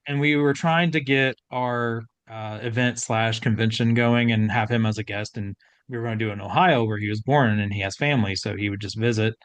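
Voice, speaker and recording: A man telling a story in relaxed casual podcast chat, with many fillers. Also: on the low side, brisk, no echo, highs cut off. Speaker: podcast co-host.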